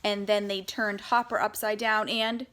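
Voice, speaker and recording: A woman voicing a spirited, chatty young schoolgirl, bright and quick to protest. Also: mid-range voice, level tone, close to an everyday voice. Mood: indignant. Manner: bright, eager, indignant.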